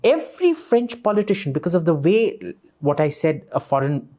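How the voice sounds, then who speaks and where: A man's voice: fairly high pitch, big pitch swings, normal speed, darkish tone. A man giving blunt, scornful opinions as a guest in an interview. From India. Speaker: guest commentator. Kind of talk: interview conversation.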